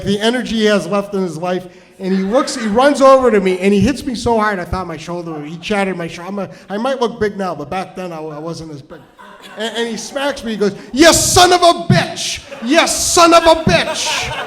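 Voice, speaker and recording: On stage before a live audience, a high-voiced comedian tells a rambling stand-up story, stammering through restarts and plenty of "like." He swings between hushed, tender moments and loud shouting.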